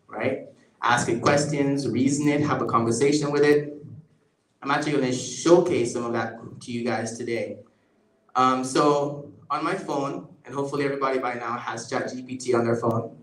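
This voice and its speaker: Man lecturing in an echoey room. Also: medium pitch. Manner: conversational, keeps checking in with "right?". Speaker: guest lecturer. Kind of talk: public lecture with live demo. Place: event space at a museum.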